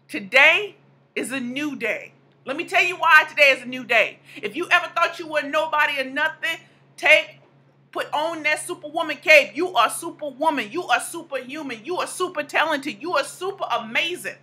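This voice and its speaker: A woman in her thirties with a high, very bright voice delivers a motivational speech. She talks emphatically and hammers her points home by repeating them. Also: expressive, moderate pace. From American South / Midwest. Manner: emphatic, repeating lines for punch. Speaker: motivational speaker.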